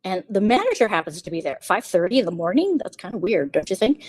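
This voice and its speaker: A woman's voice: medium pitch, fast, breathy edge, no echo. A woman podcast host telling a personal story in a casual, confiding way, often acting out what others said. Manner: chatty, confiding, quotes others in lively asides.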